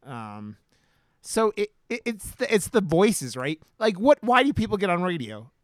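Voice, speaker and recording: A man co-hosting a casual podcast, energetic and joking, often tagging "right?" onto what he says. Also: sits high, unhurried, no echo, clean studio sound. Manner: joking, energetic, with frequent filler questions. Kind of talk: casual chat.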